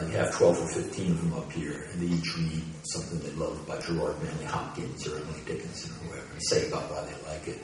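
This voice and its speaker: A man in his seventies from the United States gives a public talk and reads his poems, talking in an easy way with many "uh" pauses and slowing to a measured pace for the verse. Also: a bass voice, a little hiss or hum. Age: 70s. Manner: conversational with frequent "uh" pauses, slow and measured when reading poems. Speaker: poet giving a reading. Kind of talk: public talk and poetry reading. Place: large hall with an audience. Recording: very echoey hall, voice from far off.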